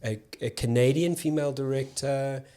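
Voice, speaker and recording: A South African man, an actor and comedian, talking as a podcast guest in a thoughtful, halting way, often restarting his sentences. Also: medium pitch, steady tone, dark tone. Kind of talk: casual podcast conversation.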